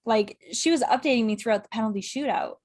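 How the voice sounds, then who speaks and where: A young woman from Canada, a podcast guest chatting casually in an interview, quick and talkative, laughing often and saying "like" constantly. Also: fairly high pitch, a little mellow. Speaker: podcast guest, club correspondent.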